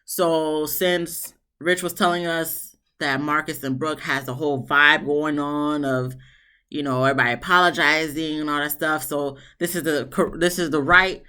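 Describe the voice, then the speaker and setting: Woman reviewer, low-set but bright and forceful voice, sarcastic, lively recap delivery. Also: normal speed, smooth. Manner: chatty, animated, mock-quotes people with big pitch swings; sarcastic asides. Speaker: TV show reviewer. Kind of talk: casual episode recap.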